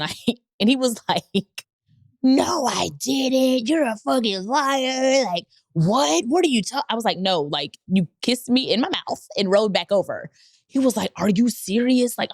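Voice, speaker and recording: A woman in her thirties hosting a podcast, telling a personal story in a casual, animated way and jumping up in pitch when she quotes people. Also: no echo, studio quality. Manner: animated, jumps to high pitch when quoting others. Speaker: podcast host.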